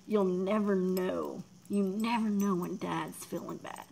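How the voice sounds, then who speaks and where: A woman, chatting casually on a livestream, emotional and soft, often dropping to a near whisper as she thanks viewers in chat. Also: medium pitch, steady tone, a little slow, gravelly, few pauses, a little hiss or hum, poor audio. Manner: emotional, talks softly, drops to near whispers. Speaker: livestream host.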